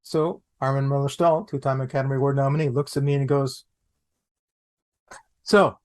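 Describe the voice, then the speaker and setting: Animated man telling showbiz stories. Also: medium pitch. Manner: animated, quick bursts, repeats phrases for comic effect. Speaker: actor guest. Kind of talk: anecdotal storytelling.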